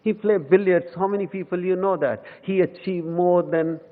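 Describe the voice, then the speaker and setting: A man's voice: high-pitched, fairly even intonation, normal speed. An Indian man in his fifties tells stories from a lectern in a big echoing hall. The sound is thin and tinny, as if heard over a phone line. He speaks with an Indian English accent, mocks himself cheerfully and mixes in Hindi phrases. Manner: anecdotal and self-mocking, slipping into Hindi. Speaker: guest lecturer. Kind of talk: humorous public lecture. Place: lecture hall.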